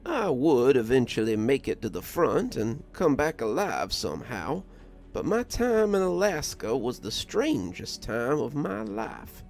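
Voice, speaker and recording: A man voicing a kindly old mountain grandfather who spins folksy, unhurried yarns. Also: medium pitch, sing-song, gravelly, a little mellow, soft background music, pitched above the performer's own voice. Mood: reminiscing. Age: older. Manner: folksy, unhurried yarn-spinning.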